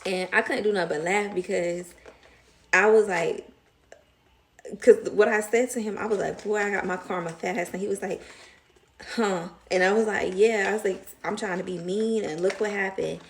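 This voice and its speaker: A young woman telling a story to her viewers in a casual, animated way, acting out the other voices as she goes. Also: medium pitch, moderate pace, creaky, slight background noise. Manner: chatty, animated retelling, mimics voices in quotes. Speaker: vlogger.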